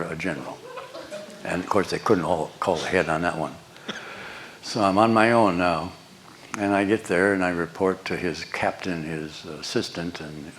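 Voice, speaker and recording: Before an audience in a lecture hall, an older man serving as guest lecturer spins wry stories punctuated by chuckles. The low-pitched voice comes with a little hiss or hum.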